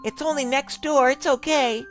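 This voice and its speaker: A man voicing a sweet, clingy little girl from a video game in a high squeaky childlike voice, recorded on a close mic. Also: steady tone, normal speed, fairly bright tone, faint music behind. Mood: pleading. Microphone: close mic with popping.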